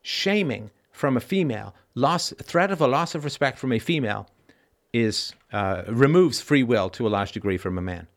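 A man's voice: medium pitch, expressive, normal speed. Emphatic lecturing male call-in host. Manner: lecturing, emphatic, asks probing questions. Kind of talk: call-in advice talk.

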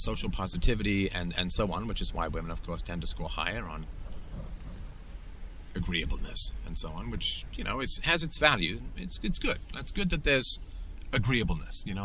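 A man's voice: fairly low pitch, a bit bright, a little hiss or hum, rough recording. A man hosting his own show, giving an emphatic solo commentary monologue and often tagging his points with a rhetorical "right?". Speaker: podcast host.

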